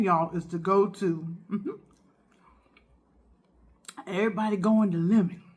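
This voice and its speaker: A woman who hosts a mukbang, chatting casually and expressively while she eats. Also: mid-range voice. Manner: chatty and expressive, talks through bites. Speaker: mukbang vlogger host. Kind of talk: casual chat while eating.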